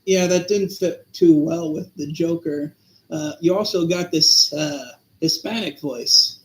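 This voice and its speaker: A man's voice: on the high side, a little slow. A man co-hosting a casual chat show, talking in a thoughtful, rambling way with many fillers. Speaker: podcast co-host. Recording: echoey room.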